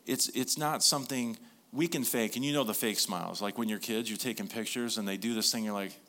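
Male pastor with a bright, forward voice who preaches casually and animatedly, going hushed to make his key points. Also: on the low side, a little fast. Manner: conversational, animated storytelling, dropping soft for emphasis. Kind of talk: sermon.

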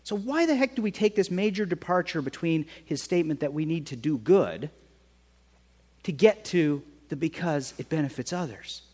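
A man preaching a sermon in a conversational way, often checking in with his listeners with a quick "right?". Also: a little high, lively intonation, a little mellow, long reverb tail. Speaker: pastor.

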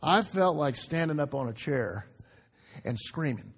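A man preaching a sermon, moving from loud urgent outbursts to quiet hushed emphasis, repeating phrases and asking the congregation questions. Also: a little high, expressive, unhurried, vocal fry, slightly rough. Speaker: pastor.

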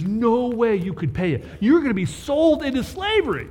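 A man's voice: very high voice, sing-song, quick pace, hardly any pauses, long reverb tail. A man preaching a sermon as pastor, talking conversationally and checking in with rhetorical questions.

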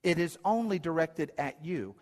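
A man's voice: a little high, expressive, moderate pace. A man preaching a sermon in an earnest, emphatic way, often repeating his key phrases. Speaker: pastor. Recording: long hall reverb.

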